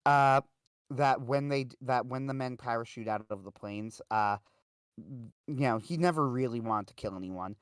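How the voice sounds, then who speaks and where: A man's voice: mid-range voice, normal speed, clean tone, no echo, studio quality. A man hosting a livestream, telling a story in a casual, rambling way with lots of fillers. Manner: rambling, full of "uh" and "like". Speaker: livestream host.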